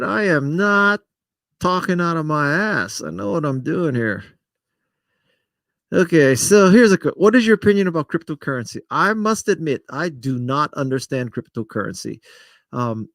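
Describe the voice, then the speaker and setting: A middle-aged man's voice, on the high side and recorded dry, leads a live stream from his home studio before a camera. Relaxed and self-deprecating, he responds to viewers, calling each by name.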